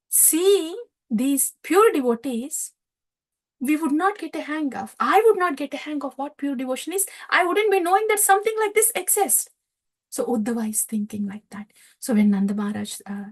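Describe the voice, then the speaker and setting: A woman giving a devotional scripture class, retelling the story in an animated way with many rhetorical questions. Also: high voice, a little slow, breathy edge. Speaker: scripture teacher.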